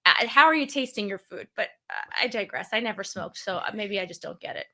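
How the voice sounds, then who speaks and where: A woman from New York co-hosting a podcast in casual chat, talkative and often dropping to a soft, low-key voice. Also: animated, a little fast. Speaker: podcast co-host.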